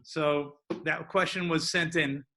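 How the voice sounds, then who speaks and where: A man's voice: a little high, steady tone, slow pace, pushed and bright, a little hiss or hum. A man moderating, reading out an audience question in a conversational way.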